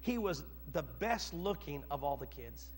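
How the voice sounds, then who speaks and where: A man preaching a sermon, telling a story and moving from quiet narration to loud dramatic peaks. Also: fairly high pitch, expressive, a little slow, husky, faint music behind. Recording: long hall reverb.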